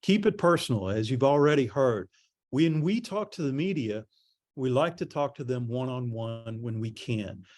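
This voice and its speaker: A man's voice: mid-range voice, normal speed. A middle-aged man presents to an audience, chatting his way through anecdotes. His voice sits in a mid range. The delivery is loose and conversational. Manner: conversational storytelling, animated quoting. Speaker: public relations presenter. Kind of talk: conference presentation.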